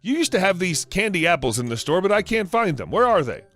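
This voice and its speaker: A man's voice: sits high, sing-song, fast, a bit bright. A man reading the lines of an angry older woman who insistently demands candy apples from a stranger. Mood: demanding. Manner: insistent, accusing questions. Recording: faint music underneath.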